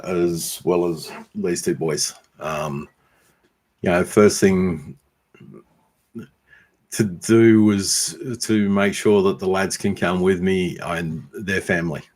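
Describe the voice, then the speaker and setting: A man with an Australian accent chatting casually to his viewers, answering comments with lots of ums and some friendly teasing. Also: deep voice. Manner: unhurried, frequent ums, teasing viewers by name. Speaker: YouTube homesteader and blacksmith answering viewer comments. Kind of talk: casual livestream chat.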